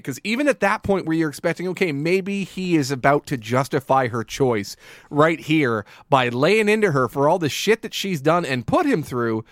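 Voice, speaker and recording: A man's voice: fairly high pitch, no room sound, studio quality. A man co-hosting a podcast, rambling casually and mocking a movie's scenes. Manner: rambling, mocking, does silly quoted voices. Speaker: podcast co-host. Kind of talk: casual movie review chat.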